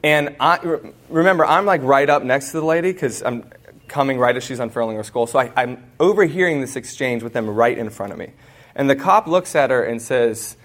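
A man's voice: medium pitch, animated, normal speed, a bit bright. American guy in his 30s giving a talk, joking and chatty, storytelling to a crowd of students. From United States. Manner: humorous, conversational storyteller. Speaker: conference speaker.

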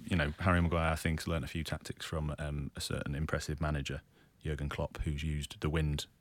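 A man with an extremely deep voice chats casually about football. He ribs the others in a teasing way, and the sound is dry and close. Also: little pitch movement, fairly quick, no room sound. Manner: playful, teasing banter. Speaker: football pundit. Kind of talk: casual podcast chat.

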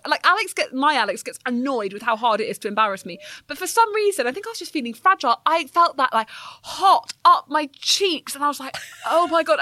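A young woman co-hosting a podcast, telling a story in a casual, animated, self-mocking way and swearing freely. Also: high voice, dry recording. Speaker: podcast co-host.

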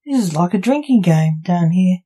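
A woman's voice: lowish voice, animated, moderate pace, warm tone, husky, rough recording. A woman voicing a sarcastic, teasing young male necromancer bantering with his father. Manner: sarcastic, joking.

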